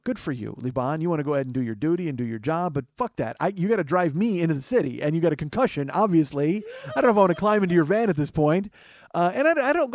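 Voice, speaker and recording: A male comedian host telling a profane, self-mocking story in an animated way. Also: a little high, no room sound.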